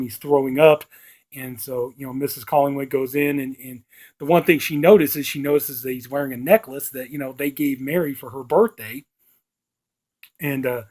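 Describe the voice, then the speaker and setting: A man's voice: mid-range voice, dark tone. A man casually retelling and reviewing a horror movie, rambling along with constant filler words. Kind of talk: casual plot recap and review.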